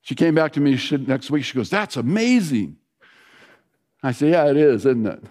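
A man in his sixties preaching a sermon in a conversational storytelling way, dropping to a soft hush when he prays. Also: medium pitch, fast, long reverb tail. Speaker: pastor.

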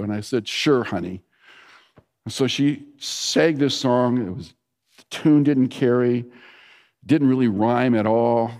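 A man in his sixties preaching a sermon in a conversational storytelling way, dropping to a soft hush when he prays. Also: mid-range voice, in a large hall. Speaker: pastor.

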